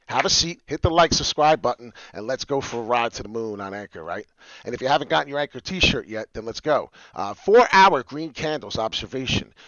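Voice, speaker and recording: An adult man with a young child hosts a crypto chart video, chatting casually to camera in a mid-range voice. He's excitable and swings into loud rants. The recording is dry, with dull lo-fi audio.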